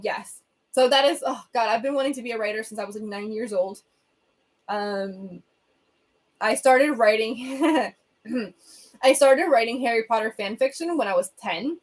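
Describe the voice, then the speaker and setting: A young woman chatting casually with viewers on a livestream, rambling and humming between thoughts, recorded on a laptop's built-in mic at home. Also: on the high side. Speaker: livestreamer answering viewer comments. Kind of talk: casual chat. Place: home room with a bookshelf. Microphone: laptop built-in webcam mic.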